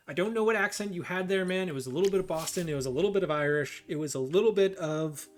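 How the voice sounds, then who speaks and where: A man hosting a let's play, joking and thinking out loud as he plays. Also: high voice, fast, few pauses, faint music behind. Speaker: gameplay host.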